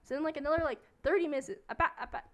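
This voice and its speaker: A young woman with a high voice tells a long story in a casual, rambling rant while she plays a game on stream. She fills nearly every phrase with "like" as she goes. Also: rapid-fire.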